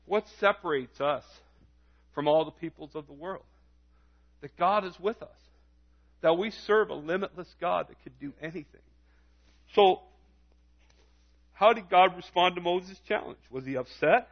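High-voiced emphatic preacher. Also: male voice, normal speed, pauses often, highs cut off. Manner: emphatic, repeated rhetorical questions. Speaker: pastor. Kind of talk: sermon.

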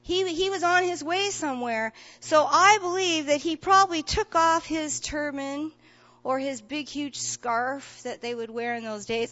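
A woman preacher with a high voice delivers a dramatic sermon, acting out the story and building to fervent, tearful appeals. The recording is a little dull and muffled. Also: a bit bright. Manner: retells a scripture story dramatically, voicing the characters; builds to impassioned, near-tearful pleading.

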